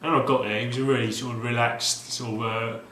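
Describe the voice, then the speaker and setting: A man's voice: mid-range voice, flat delivery, fast talker, a bit bright. A man talks casually about a game he bought. He rambles and often restarts his sentences. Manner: rambling, with many fillers and restarts. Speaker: retro game collector vlogger. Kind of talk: casual video talk. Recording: roomy echo, faint background hum.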